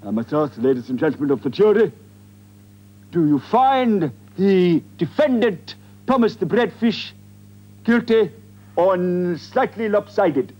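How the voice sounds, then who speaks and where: A man's voice: high-pitched, animated, measured pace, darkish tone, muffled recording. A man in a comedy sketch, addressing a jury with pompous courtroom grandeur. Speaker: mock judge.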